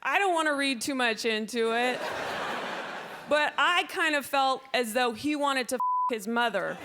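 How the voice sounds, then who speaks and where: A young woman doing stand-up on a club stage, her voice high and her delivery dry. She keeps jumping into shrill, loud put-on voices, and the live recording has clear noise underneath. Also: expressive, unhurried. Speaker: stand-up comedian. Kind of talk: stand-up comedy set. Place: comedy club stage with a laughing audience.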